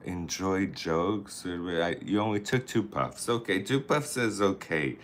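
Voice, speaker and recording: Man, very low voice, unhurried, campy chatty vlogger, faint background hum. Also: animated. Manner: chatty, campy, talks to the camera and people nearby. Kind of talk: casual get-ready-with-me chat.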